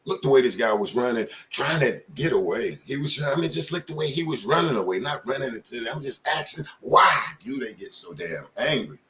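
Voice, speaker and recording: Speaking in informal street talk, this middle-aged channel host delivers casual, impassioned commentary packed with pointed questions. His mid-range voice is animated, bright, and forceful, moving briskly with few pauses over slight background noise.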